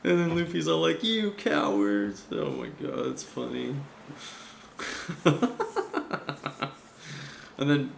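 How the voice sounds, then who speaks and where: A man's voice: medium pitch, creaky. A man recapping an anime chapter in a casual, slangy, profane chat, laughing often. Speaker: anime reviewer. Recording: echoey room with faint hum.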